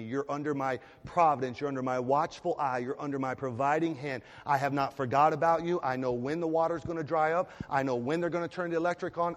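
A man preaching a sermon as pastor, building into loud, impassioned, repeated declarations. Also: a little high. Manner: impassioned preaching that swells to loud emphatic repetition. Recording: long reverb of a large hall.

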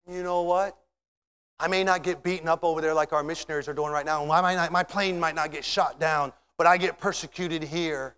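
A man with a high voice preaching with passion. He leads the listeners through a story and keeps building to fervent shouts. His tone swings between hushed moments and ringing peaks. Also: steady tone, a little fast, clean tone. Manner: storytelling, asks the listeners to imagine. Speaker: pastor. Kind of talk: sermon.

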